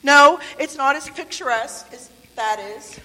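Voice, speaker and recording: Woman, sermon, conversational, playful asides, fairly high voice, long church reverb. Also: a little slow, sharp tone. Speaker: preacher. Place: church sanctuary.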